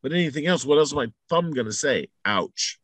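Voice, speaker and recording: A man giving a motivational talk, blunt and emphatic, repeating his points and building to loud peaks. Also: fairly high pitch, expressive, fast talker, breathy edge, no room sound. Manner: salty, blunt language. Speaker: motivational speaker.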